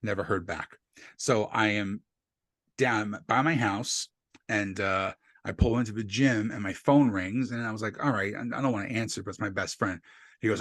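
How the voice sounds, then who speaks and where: Recorded cleanly on a desk USB microphone with no room sound, this New Jersey comic has a fairly low pitch and a moderate pace. He spins podcast stories casually, cursing freely and animatedly performing people's quotes.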